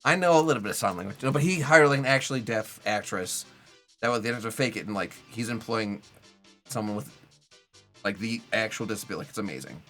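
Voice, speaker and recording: Young male streamer, bright and forward tone, loose rambling commentary over quiet game music. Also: on the low side, lively intonation, quick pace. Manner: rambling, chatty, heavy on "like" fillers. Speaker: Twitch streamer playing a video game. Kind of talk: casual live gameplay commentary.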